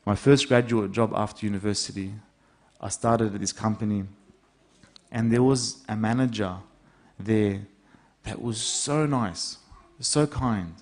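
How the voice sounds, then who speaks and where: A man with a lowish voice delivers a sermon like a chat with friends. He tells stories and acts out what each person said, keeping it relaxed and personal. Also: a little slow. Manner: conversational storytelling, acts out quoted dialogue. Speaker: priest.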